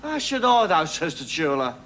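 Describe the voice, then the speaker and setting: A man's voice: a little high, sing-song, brisk, very noisy. A man playing a crude cockney punk who tells gags, brash and cackling, in a sketch comedy monologue.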